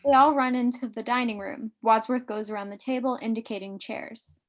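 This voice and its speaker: A woman reads the stage directions aloud in a live script reading. Her voice sits fairly high, and her delivery is brisk and lightly amused. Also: fairly even intonation.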